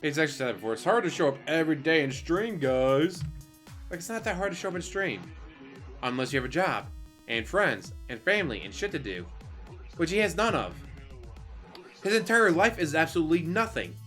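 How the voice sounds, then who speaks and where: A man's voice: a little high, very animated, fairly quick, long pauses, pushed and bright. A man ranting casually on a live stream, swearing a lot, laughing often and mocking the people he talks about. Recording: faint music behind.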